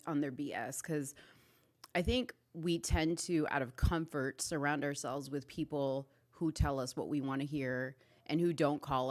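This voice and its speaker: A woman in her thirties hosting a podcast in casual chat, animated and quick to laugh, her voice jumping high when amused. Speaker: podcast host.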